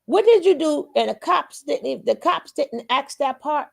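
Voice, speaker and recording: Woman reaction host, high, slow and gravelly, emphatic; repeats quotes back. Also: animated. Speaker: reaction commentator. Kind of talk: reaction commentary.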